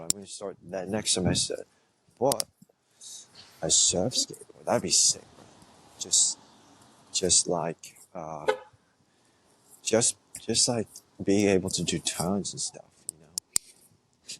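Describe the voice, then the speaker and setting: A man's voice: sits low, unhurried, background noise. A young man hosting his own podcast, talking in a casual, rambling monologue that is laid-back and slangy, full of filler words. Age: young adult. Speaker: podcast host.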